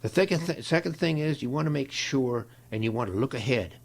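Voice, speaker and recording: An older man, a guest in an interview, telling stories in a folksy, animated way, with a gravelly, husky voice. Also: medium pitch, brisk. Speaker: interview guest, longtime equipment manager. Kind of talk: storytelling in a conversation.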